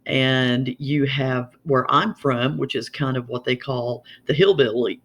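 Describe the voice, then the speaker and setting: A man's voice: mid-range voice, steady tone, a bit bright. A man from Southern Appalachia with a twangy Southern Appalachian accent, chatting casually as he explains regional sayings. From Southern Appalachia, USA. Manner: chatty, folksy, drawn-out twang.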